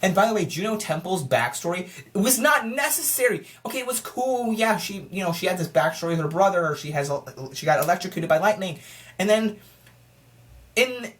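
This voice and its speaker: Rambling, excitable film reviewer. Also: mid-range voice, brisk. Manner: rambling and excitable, with frequent restarts and stammered repeats; frustrated, rhetorical, asks itself questions. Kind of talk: casual spoiler review vlog.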